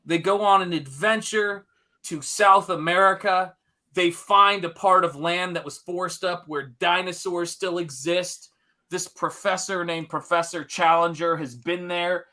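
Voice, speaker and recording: Male podcast co-host, high, bright voice, animated storyteller. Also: measured pace. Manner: animated storyteller, acts out quotes in a higher voice. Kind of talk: casual podcast chat.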